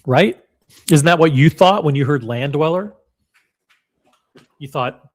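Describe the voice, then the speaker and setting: A man hosting a casual livestream, chatty and blunt, reading viewer comments aloud with quick restarts and self-deprecating asides. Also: a little high, sing-song, darkish tone. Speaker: livestream host reacting to watch predictions.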